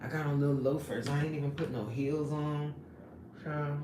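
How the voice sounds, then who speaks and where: A woman's voice: sits low, fairly even intonation, moderate pace, echoey room, background noise. A woman hosting a casual live stream, chatting animatedly with her viewers, laughing often and greeting them by name. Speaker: live-stream host reading chat.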